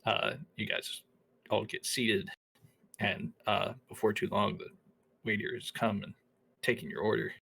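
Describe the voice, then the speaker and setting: A man narrating as game master of a tabletop game, relaxed and halting, with many fillers. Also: on the low side, gravelly, slightly rough.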